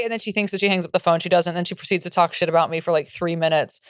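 A woman's voice: flat delivery, fast, few pauses, clear, resonant tone, dry recording, clean studio sound. A young woman co-hosting a comedy podcast, telling stories in casual chat, laughing often and mimicking relatives. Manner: storytelling, mimics relatives in a lower voice; frequent laughter. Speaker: podcast co-host.

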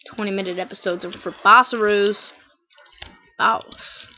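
A woman's voice: mid-range voice, fairly even intonation, measured pace, pushed and bright, slight background noise. A woman hosting a gameplay channel, giving goofy, playful let's-play commentary and repeating catchphrases. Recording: dull lo-fi home mic.

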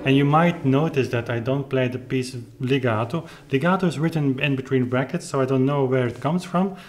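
A man's voice: mid-range voice, brisk, faint music behind. A man who plays the clavichord, thoughtfully explaining his interpretation and searching for the right words as he goes. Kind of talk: reflective spoken commentary with demonstrations. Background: faint clavichord playing between remarks.

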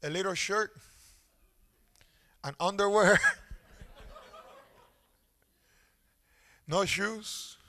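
A middle-aged male pastor telling a story in a sermon with animated, dramatic delivery. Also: high-pitched, extremely slow, pauses often.

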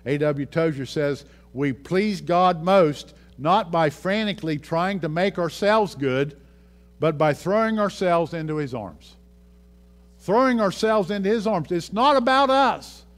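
A male pastor preaching a sermon, reading scripture aloud and repeating key phrases for emphasis. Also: high-pitched.

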